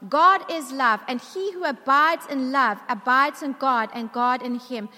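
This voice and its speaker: Woman preacher with a high voice, emphatic, asks the crowd questions, long hall reverb. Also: a little slow, pushed and bright. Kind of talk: sermon.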